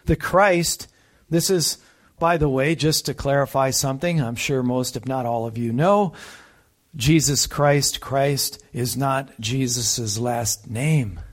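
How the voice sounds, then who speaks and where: A man's voice: medium pitch, slow. A man preaching a conversational sermon, teaching a Bible passage with emphasis and rhetorical asides to the listeners.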